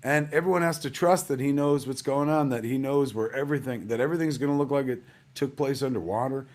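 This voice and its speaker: A man's voice: mid-range voice, fast talker, darkish tone. A middle-aged man hosting a live stream from home in a rambling, jokey casual way, calling everyone "man" and "kids".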